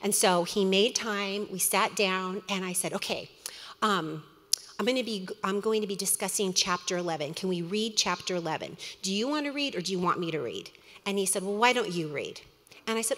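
A middle-aged woman teaching a women's Bible study, earnest and storytelling, with quick asides. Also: medium pitch, lively intonation, a bit bright. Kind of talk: sermon. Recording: long hall reverb.

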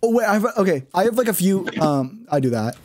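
Rambling, animated male streamer. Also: high-pitched, fast talker. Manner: rambling, lots of fillers and laughs. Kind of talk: casual chat.

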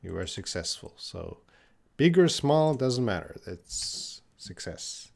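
A man's voice: medium pitch, very animated, creaky, darkish tone. A man teaching English in a live question-and-answer stream, reading viewer questions aloud and answering them patiently. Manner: slow, patient, reads viewer questions aloud then explains.

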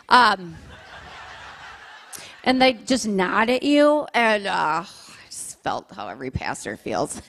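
Female comic in her forties, fairly high voice, chatty stand-up delivery with crowd asides into a handheld mic. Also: a bit bright. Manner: chatty, self-deprecating, quick asides to the crowd. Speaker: stand-up comedian. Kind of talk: stand-up comedy set. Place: live comedy show in a church venue.

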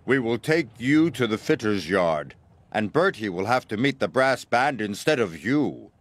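A man's voice: lowish voice, big pitch swings, measured pace, dry recording. A man voicing a kindly male railway boss who speaks firmly but apologetically, in a storybook reading.

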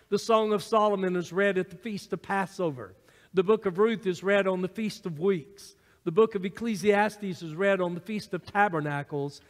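A man's voice: high-pitched, big-room sound. A man preaching a sermon as pastor to his congregation, teaching from his notes with a few fillers and side remarks. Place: church sanctuary.

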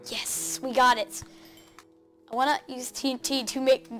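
A woman hosting a video game let's play, excitable, chattering to the game animals and laughing often. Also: high-pitched, unhurried, soft background music. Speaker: gaming channel host.

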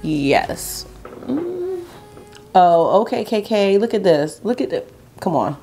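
A woman beauty vlogger chatting casually and excitedly to her viewers while doing her makeup. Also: lowish voice, unhurried, faint music behind. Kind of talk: casual makeup tutorial chat.

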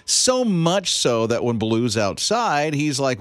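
A man's voice: on the high side, wildly swooping pitch, a little slow, no echo. A man co-hosting a Christian morning radio show, telling stories in a playful, easygoing way. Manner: playful storyteller, easy laughs. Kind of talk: casual radio chat. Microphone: studio microphone.

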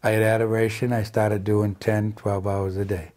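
A man with a lowish, darkish voice speaks at a moderate pace in a level tone. As a healing minister, he tells an earnest faith testimony, often tacking "see?" onto his sentences and raising his voice to act out remembered dialogue.

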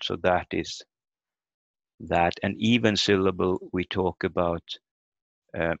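Male language teacher on a video call, low gravelly voice, patient, sounds out syllables, dry and slightly dull audio. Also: no room sound. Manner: explains step by step, sounds out words and spells letters. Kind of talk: online language lesson.

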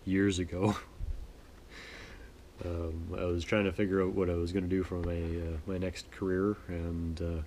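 A man from Manitoba, Canada, chatting in a relaxed, rambling, self-deprecating way as host of his sewing vlog. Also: deep voice, a little slow, a little hiss or hum. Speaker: sewing vlogger. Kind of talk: relaxed casual chat.

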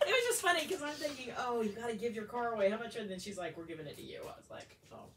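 A woman's voice: a little high, lively intonation, rapid-fire. A woman helping at a live sale, telling a story in casual chat and laughing through it. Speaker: co-host helper. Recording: voice from off-mic.

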